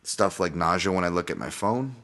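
A man's voice: low voice, animated, brisk, fairly bright tone. A man hosting a solo podcast, talking in a profane, candid, ranting way. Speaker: podcast host.

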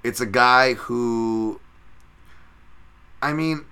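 A man's voice: mid-range voice, drawn-out words, sharp tone, smooth. A man hosting a solo podcast who breaks down fights in a casual, profane and rambling way. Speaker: podcast host.

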